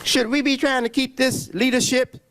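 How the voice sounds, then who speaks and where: A man giving a preaching religious lecture, emphatic, with long pauses and repeated words. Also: extremely high pitch, little pitch movement, fairly bright tone, no echo. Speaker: religious speaker.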